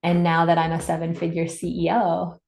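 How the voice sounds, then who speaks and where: A woman's voice: lowish voice, monotone, moderate pace, gravelly, a little mellow. Encouraging woman coach, echoey room. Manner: upbeat, encouraging, reads chat comments aloud. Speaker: summit host and business coach. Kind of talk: live webinar coaching talk. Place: home in Santa Cruz.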